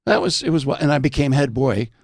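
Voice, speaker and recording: Gravelly older American man telling stories. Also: mid-range voice, fast, no room sound, clean studio sound. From United States. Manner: animated storyteller, jumps into voices. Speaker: podcast guest, veteran actor. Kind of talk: casual chat with anecdotes and impressions.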